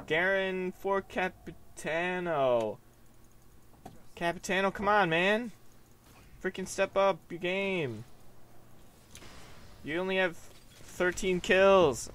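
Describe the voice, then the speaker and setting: A man's voice: fairly bright tone, slight background noise. Goofy young man yelping over gameplay. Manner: goofy, self-mocking, bursts into high yelps. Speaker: gaming vlogger. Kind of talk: gameplay commentary with Q&A.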